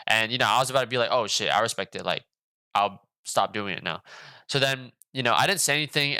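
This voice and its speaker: A man tells a casual storytime on his vlog in a slangy, animated delivery that is full of swearing and asides. His voice is bright and forward, and he sits right on the mic in a dry, close sound. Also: medium pitch, clear, resonant tone, dry recording. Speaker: vlogger.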